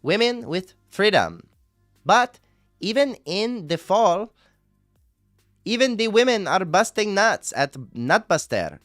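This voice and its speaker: A man voicing a loud, crude male restaurant ad pitchman with a put-on accent, pitched well above his own voice. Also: very animated, takes it slowly, no room sound, studio quality, soft background music, heavily acted. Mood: hyped sales pitch.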